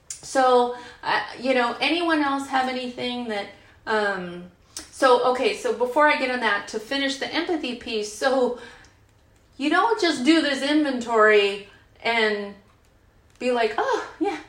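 A woman's voice: on the high side, a bit bright. A woman in her fifties speaking frankly at a recovery group retreat, chatty and full of fillers. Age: 50s. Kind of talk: casual group share. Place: retreat meeting room. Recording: roomy, imperfect recording.

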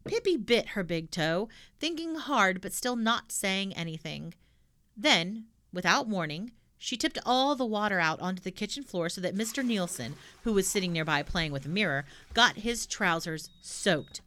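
A woman reading a children's storybook aloud with an expressive delivery. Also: mid-range voice, moderate pace.

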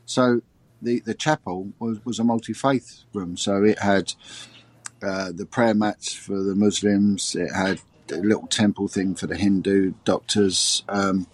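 A middle-aged man, a former detective telling a personal story in an interview, halting and repeating his words. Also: lowish voice, steady tone, dry recording. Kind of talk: emotional personal testimony.

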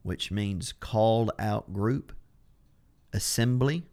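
A man's voice: fairly low pitch, slow pace. A man teaching a Bible study on a podcast, who stresses and repeats key words as he explains them. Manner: steady explaining, restarts phrases.

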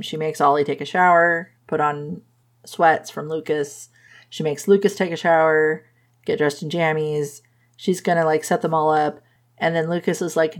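A woman casually retelling a romance novel's plot, laughing often and playfully quoting the characters. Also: low voice. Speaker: book reviewer recapping a romance novel.

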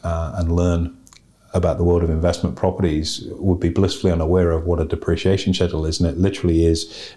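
A man's voice: low voice, warm tone. A man hosting a podcast, giving blunt, opinionated, plain-spoken advice in a casual way. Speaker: podcast host giving property investment advice.

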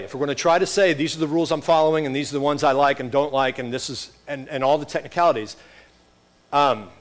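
Male pastor, conversational sermon, slightly high voice, asks the room questions. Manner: conversational, rhetorical questions and asides.

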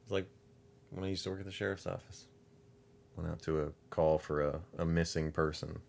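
A man's voice: sits low, steady tone, a little fast, gravelly, a little mellow, a little hiss or hum. A man in his thirties co-hosting a podcast, telling stories in a laid-back way with dry humor. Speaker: podcast co-host. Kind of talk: casual chat.

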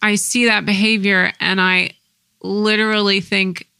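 A woman's voice: medium pitch, little pitch movement, unhurried, creaky, sharp tone, clean tone, dry recording. A woman talking candidly and casually with her husband. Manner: candid, laughs easily. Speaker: wife in a couple's talk. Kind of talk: casual conversation.

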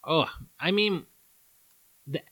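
A man chatting casually while tasting candy, animated and jokey, swearing now and then. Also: fairly high pitch, slow, dry recording.

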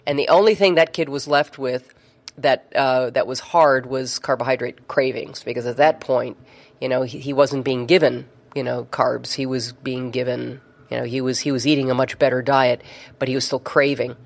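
Neurofeedback therapist, interview guest, chatty storyteller, frequent fillers, mid-range pitch. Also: steady tone, moderate pace, creaky. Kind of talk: conversational storytelling.

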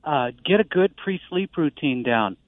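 A man who is the guest doctor on a call-in radio show, explaining calmly with many uh fillers over a phone line. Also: fairly high pitch, measured pace. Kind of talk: expert interview on a call-in show.

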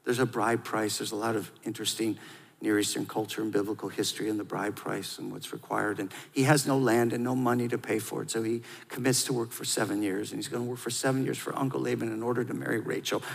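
A man preaching a sermon in a lively, conversational way, drawing the audience into call-and-response. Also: fairly low pitch, quick pace, creaky, husky. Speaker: pastor. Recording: long hall reverb.

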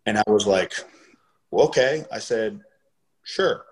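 A middle-aged man with a fairly low voice tells a long story in a casual, unpolished way. He swears freely and jumps up in pitch when he acts out other people's lines. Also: unhurried, rough recording. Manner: profane, animated when quoting others.

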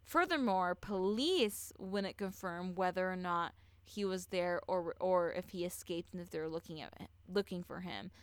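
A woman hosting a podcast, talking through a true-crime story in a loose, casual way. Her voice is smooth and crisp, and she is recorded close and dry. She swears freely and acts out the people in the story. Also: fairly low pitch, moderate pace, hardly any pauses, dry recording. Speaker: podcast host.

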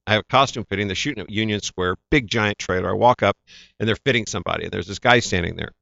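Gravelly low guy telling acting stories, bright edgy voice, dull dry sound. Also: quick pace, no echo. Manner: animated anecdotes, acts out quoted voices. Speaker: actor, guest. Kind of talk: casual interview storytelling.

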